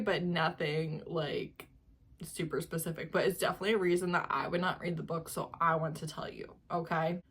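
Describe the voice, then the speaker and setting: A woman's voice: fairly low pitch, a bit bright. A young woman talking casually as a book reviewer, ranting with sarcasm and laughing often. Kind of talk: casual reading vlog.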